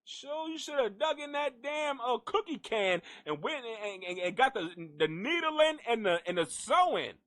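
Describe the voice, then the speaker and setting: A man hosting a comedic gossip commentary, talking in an animated, profane way and repeating lines for effect. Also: very high voice, moderate pace, few pauses. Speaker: host.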